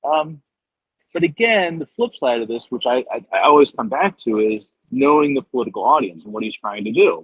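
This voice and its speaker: A man who is a political journalist and biographer, answering at length in a rambling, animated way with many fillers and restarts. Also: lowish voice, slightly rough, no room sound. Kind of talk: conversational interview answer. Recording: dull, muffled remote audio.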